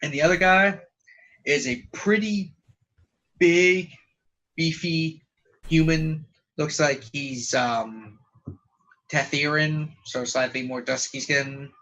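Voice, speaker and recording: A man's voice: on the high side, fairly even intonation, slow pace, long pauses, pushed and bright, muffled recording. A man running a tabletop game as game master, narrating in a casual, rambling way.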